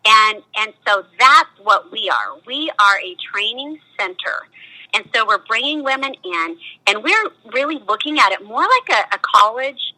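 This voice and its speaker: A middle-aged American woman, founder of a nonprofit, tells her life story as an interview guest in a conversational testimony. Her voice is on the high side, sing-song, pushed and bright at a normal speed, and she speaks earnestly and emphatically, often repeating words. The recording is low quality.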